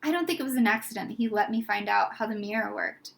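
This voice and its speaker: A woman's voice: mid-range voice, fast, gravelly, lightly acted. A woman voicing a thoughtful, earnest young schoolboy in a storybook reading.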